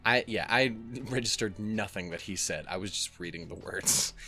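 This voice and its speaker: A man's voice: low voice, normal speed, few pauses, pushed and bright, faint music behind. A young man hosting a let's play, reading game text and chatting casually, rambling, swearing often and joking at his own expense. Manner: rambling, swears a lot, jokes and laughs at himself.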